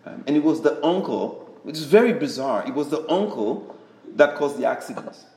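A man's voice: on the high side, animated, moderate pace, a little mellow, roomy sound, poor audio. A man giving a conversational sermon, often restarting and repeating words as he explains. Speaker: preacher.

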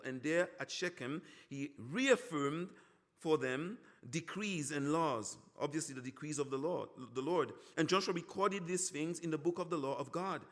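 A middle-aged man preaching with a fairly high voice. He swings between quiet pleading and loud emphasis as he voices scripture, pausing to correct himself along the way. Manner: expressive, pleading when quoting God, frequent self-corrections. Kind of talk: sermon.

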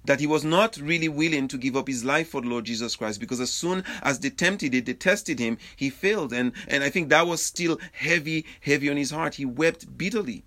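A man preaching a sermon in a halting way, with many fillers and restarts and frequent chuckles. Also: fairly high pitch, a bit bright. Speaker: pastor.

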